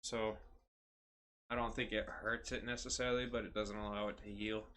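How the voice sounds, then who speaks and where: A man's voice: lowish voice, little pitch movement, moderate pace, pushed and bright, slight background noise. A young man co-hosting a podcast, telling stories in casual chat, swearing freely and laughing often. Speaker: podcast co-host.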